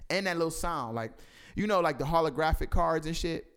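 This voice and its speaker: A man's voice: fairly high pitch, fairly quick, smooth. A young man from Cleveland chatting casually with friends, acting out quotes as he tells stories. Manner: animated storyteller, acts out quotes. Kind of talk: casual chat.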